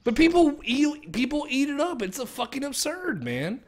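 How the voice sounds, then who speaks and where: A man's voice: very high-pitched, sing-song, normal speed, few pauses. A young man ranting profanely in casual chat on a stream, mocking others with exaggerated voices. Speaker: streamer co-host.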